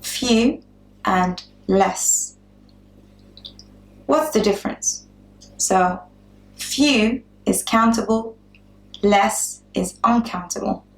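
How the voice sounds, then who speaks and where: Slow, patient woman teaching English. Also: mid-range voice, roomy sound. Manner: patient, spells out examples and repeats words. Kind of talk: slow, clear English lesson.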